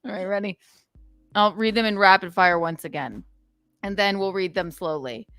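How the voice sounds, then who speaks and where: A woman podcast host in casual chat, reading a long list fast and giggling between words. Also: mid-range voice, a bit bright, no echo, studio quality, soft background music. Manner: reads in rapid fire, giggling through words.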